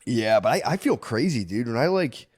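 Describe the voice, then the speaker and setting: A man's voice: medium pitch, big pitch swings, moderate pace, slightly rough, dry recording. A man in his thirties co-hosting a podcast, chatting casually and swearing, telling stories with bursts of acted voices. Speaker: podcast co-host. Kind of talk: casual chat.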